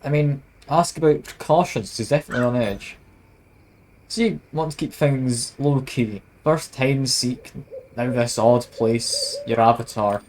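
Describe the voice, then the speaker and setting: A man's voice: medium pitch, unhurried, darkish tone, slight background noise, low-quality recording. Wry man streaming a game. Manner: wry, self-mocking asides. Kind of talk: casual let's-play narration, reading game text aloud.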